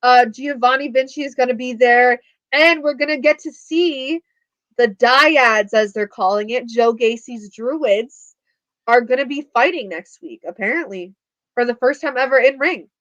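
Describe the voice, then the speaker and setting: Chatty high-voiced woman co-hosting a stream. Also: normal speed, fairly bright tone, no room sound. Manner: chatty, giggly, rambling with fillers. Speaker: co-host of a wrestling watch party stream. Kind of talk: casual live-stream chat. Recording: dull, dry lo-fi stream audio.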